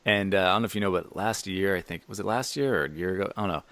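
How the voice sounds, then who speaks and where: A male podcast host in a relaxed, casual chat. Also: low voice, racing, dry recording.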